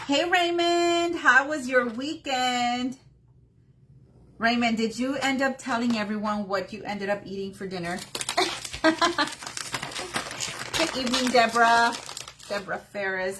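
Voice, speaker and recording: Bright-voiced chatty craft host. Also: female voice, fairly high pitch. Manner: chatty, greets viewers by name. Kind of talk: live-streamed craft tutorial.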